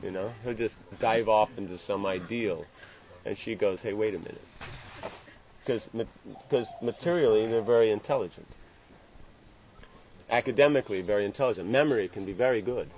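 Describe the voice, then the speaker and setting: A man giving an informal scripture class. He speaks haltingly, restarting phrases and tagging lines with "you know". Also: fairly low pitch, darkish tone. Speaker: religious teacher. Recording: dull lo-fi with faint ambient hiss.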